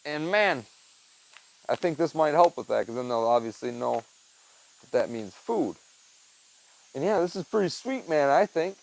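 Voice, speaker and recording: In a rough recording, a young man with a fairly high, expressive, creaky voice speaks at a moderate pace and pauses often. He wears a mic while working on a chicken feeder in a backyard with a chicken coop and tool bench, rambling casually and repeating "dude" and "man."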